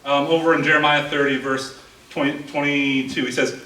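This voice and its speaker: Earnest high-voiced male pastor preaching. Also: level tone, moderate pace, bright, forceful tone. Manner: earnest, repeats words as he builds. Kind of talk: sermon. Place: church sanctuary. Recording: echoey church hall from far off.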